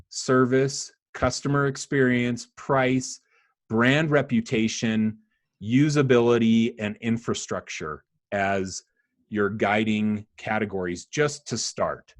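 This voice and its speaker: A man from the United States co-hosts a relaxed business podcast, speaking at a middle pitch. He gives practical, encouraging advice, often agreeing with his partner along the way. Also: slow. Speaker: podcast host. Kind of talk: casual business podcast chat.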